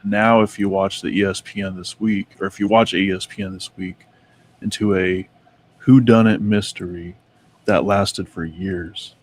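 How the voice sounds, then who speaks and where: Low-pitched guy reading out notes on a chatty stream, stumbles a bit on names. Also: fairly even intonation, moderate pace. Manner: reads aloud with stumbles over names. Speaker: co-host reading Mandela effect notes. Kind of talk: casual chat.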